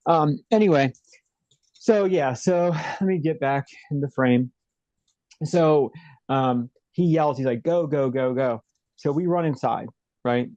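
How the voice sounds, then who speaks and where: A man's voice: a little high, takes it slowly, a little mellow, dry recording, muffled recording. A man being interviewed from home over a video call, telling a story vividly and often checking in with "right?". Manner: vivid retelling, frequent "like" and "right?". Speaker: interview guest. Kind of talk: animated storytelling.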